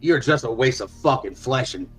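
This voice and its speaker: A man's voice: mid-range voice, animated, normal speed, faint music behind, low-quality recording. A father speaking on a live panel in a heated, profane, confrontational rant. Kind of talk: angry rant.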